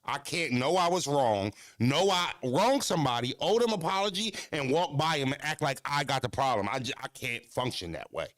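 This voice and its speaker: A man's voice: medium pitch, normal speed, few pauses, dry recording. Blunt, profane man ranting, dry sound. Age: adult. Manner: blunt, profane, animated, stuttering restarts. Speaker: podcast host. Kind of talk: casual podcast rant.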